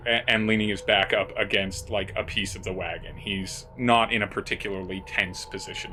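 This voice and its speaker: A man narrating a tabletop game as game master, halting and full of filler words. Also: lowish voice, pushed and bright, slight background noise.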